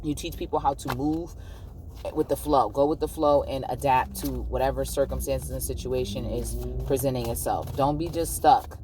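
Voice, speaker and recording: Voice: mid-range voice, steady tone, moderate pace, recorded from a distance, noisy background. A tarot card reader giving a casual, encouraging pick-a-card reading to viewers, often checking in with "okay?".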